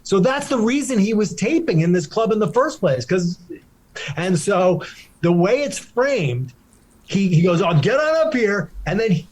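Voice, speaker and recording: A middle-aged man, a guest comedian, telling a rambling, animated story in casual podcast chat. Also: high voice, measured pace, breathy edge.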